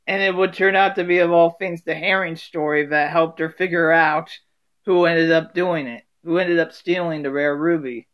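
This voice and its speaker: A man muses aloud in a casual solo talk, rambling and full of fillers and restarts. His voice sits a touch high for a man. He records from home. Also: fairly bright tone.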